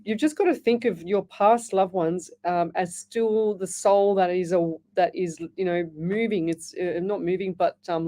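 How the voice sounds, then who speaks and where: A woman's voice: medium pitch, dark tone. A middle-aged Australian woman hosting a live radio psychic show. She reads out listener messages and answers them in a chatty, rambling way, often restarting her sentences and calling people "lovey.". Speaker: psychic medium radio host.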